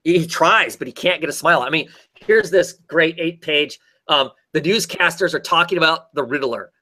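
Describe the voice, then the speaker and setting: A man's voice: a little high, normal speed, pushed and bright. A man casually reviewing comic books in a rambling, enthusiastic way, full of restarts and fillers.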